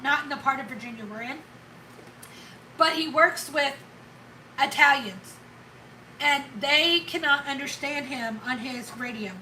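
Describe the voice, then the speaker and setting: Bright, chatty middle-aged woman, light Southern lilt. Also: sits high, a little hiss or hum. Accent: light Southern Kentucky. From Indiana. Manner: chatty, reads out viewer names and answers them. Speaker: YouTube channel host. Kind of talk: casual live chat with viewers. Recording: roomy sound from a distant mic.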